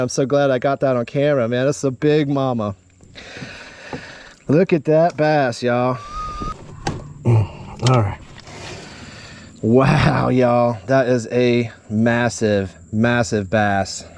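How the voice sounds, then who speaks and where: A man, excitedly narrating his creek fishing trip to viewers. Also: medium pitch, takes it slowly, pauses often. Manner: excited, drawling exclamations to viewers. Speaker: fishing vlogger. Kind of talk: casual outdoor commentary.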